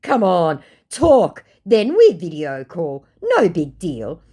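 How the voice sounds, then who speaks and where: A woman voicing a cocky young male online scammer in a slow, exaggerated, mocking way. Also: lowish voice, wildly swooping pitch, mellow, husky, voice pushed up, heavily acted. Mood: pushy.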